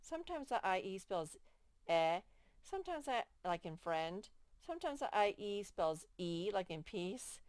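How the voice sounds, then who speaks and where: Slow, patient woman teaching phonics. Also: mid-range voice, big pitch swings, no echo. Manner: slow, clearly stretched-out words for children. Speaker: first-grade teacher. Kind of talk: slow, patient phonics lesson to young children.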